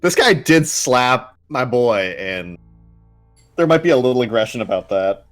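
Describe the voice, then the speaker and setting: Lively man playing a tabletop game. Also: medium pitch, unhurried, soft background music. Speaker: player. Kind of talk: casual play at a tabletop game.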